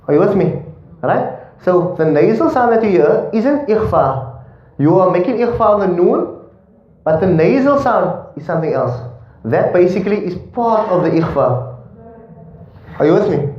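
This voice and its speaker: A man's voice: high-pitched, lively intonation, moderate pace, pauses often. A man teaching a class on Quran recitation rules, often checking whether the students follow him. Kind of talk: classroom tajweed lesson. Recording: dull echoey classroom recording.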